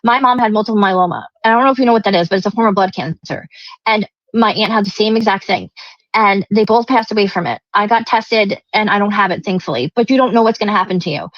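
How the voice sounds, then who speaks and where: A woman's voice: medium pitch, dry recording. A woman guest on a livestream, talking earnestly and filling her sentences with "you know" and "like". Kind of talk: earnest casual talk. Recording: dull lo-fi stream audio.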